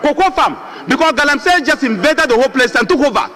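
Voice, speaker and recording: Fiery high-voiced Ghanaian MP. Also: male voice, lively intonation, quick pace, fairly bright tone, some chatter behind. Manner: fiery, accusing, hammering repeated rhetorical questions. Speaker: member of parliament. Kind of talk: parliamentary debate speech. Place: parliament chamber.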